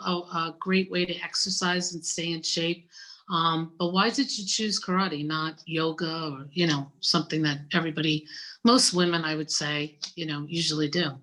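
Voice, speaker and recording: A woman in her fifties hosts a relaxed interview over a video call. She talks in a chatty, effusive way, joking and heaping praise. Her voice sits slightly low for a woman. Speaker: interviewer, university gift planning director.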